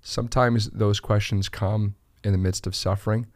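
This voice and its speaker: A man's voice: fairly low pitch, steady tone, normal speed, no room sound, studio quality. A man co-hosting a church podcast, talking earnestly with many fillers and restarts. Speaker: pastor, podcast co-host. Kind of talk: conversational church podcast discussion.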